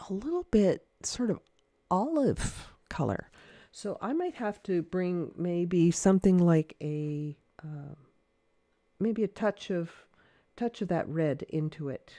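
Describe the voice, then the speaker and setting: A woman giving a casual livestream watercolor lesson, thinking aloud with many fillers in a gentle, encouraging way. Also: fairly low pitch, expressive, takes it slowly, no echo, clean studio sound. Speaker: watercolor art teacher. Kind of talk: casual painting demonstration livestream.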